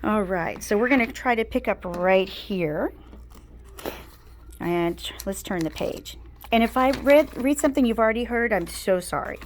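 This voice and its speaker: A woman teacher running an online class and reading a story aloud, gentle and explanatory. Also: medium pitch, animated, normal speed, slight background noise.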